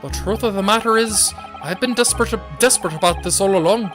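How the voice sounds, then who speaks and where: A hearty, folksy stage-Irish witness, as a streamer puts him on with a thick put-on Irish brogue, read over steady game music. The voice sits at a middling pitch and spins everything into a tall tale. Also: brisk, close to an everyday voice. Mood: blustering. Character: boastful middle-aged male Irish witness. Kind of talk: reading game dialogue aloud on stream.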